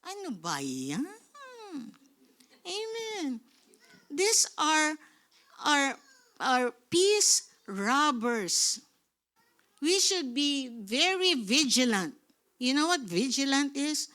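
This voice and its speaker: Bright-voiced Filipino woman preaching. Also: high voice, slow. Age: middle-aged. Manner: lively preaching, switching into Tagalog, calls of "Amen?". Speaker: pastor. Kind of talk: sermon.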